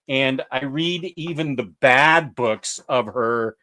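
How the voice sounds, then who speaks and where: A man's voice: mid-range voice, slow, sharp tone, dry recording. A man hosting a casual comics chat, enthusiastic and rambling, with lots of fillers and restarts. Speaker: comics podcast host.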